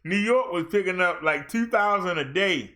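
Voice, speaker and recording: A male minister in casual livestream chat, joking around and getting excited when he reads out numbers. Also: high voice, normal speed. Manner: chatty, jokey, excited when reading numbers.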